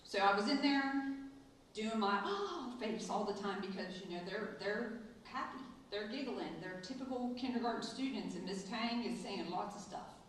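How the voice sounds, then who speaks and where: A middle-aged woman tells a story at a school ceremony, and her voice carries from some distance in a very echoey hall. She speaks at a mid pitch and brightens into animated quoted asides. A faint hum of room ambience sits underneath. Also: moderate pace. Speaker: school administrator giving a speech. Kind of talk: ceremony speech, personal story. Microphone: distant from the mic.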